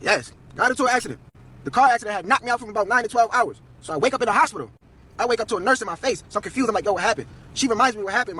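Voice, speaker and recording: A young man tells a story on a live stream, fast and loose with slang and swearing. His voice sits high and a little husky. He plays every person's lines himself as he goes. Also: bright, forceful tone. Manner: slangy, profane, quoting everyone in turn.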